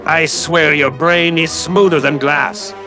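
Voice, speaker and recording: A man's voice: fairly high pitch, steady tone, slow, music in the background. A man giving a sarcastic, condescending callout commentary as a YouTube commentator.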